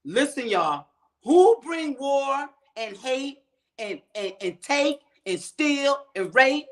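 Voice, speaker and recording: Woman host, raised-pitch profane rant, pitch leaping all over. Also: very animated, takes it slowly. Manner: fired-up, profane, talks straight to viewers. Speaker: show host. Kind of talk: ranting commentary.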